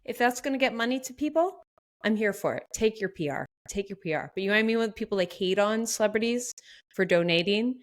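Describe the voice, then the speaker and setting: A woman with a Canadian accent, co-hosting a podcast in quick, animated casual chat with frequent laughs. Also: mid-range voice. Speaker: podcast co-host.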